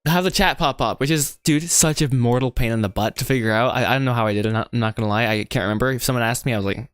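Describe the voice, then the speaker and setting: A man's voice: medium pitch, racing, a bit bright, clear, resonant tone, no room sound, studio quality. A man chatting casually on a livestream while writing a script, rambling, correcting himself and laughing often. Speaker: animation filmmaker livestreaming his script writing.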